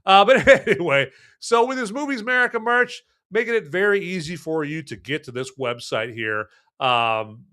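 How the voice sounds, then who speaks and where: With an animated, sharp-toned voice at a moderate pace, this man hosts a podcast, delivering a friendly, joking sales pitch. The chat wanders casually, packed with fillers and false restarts.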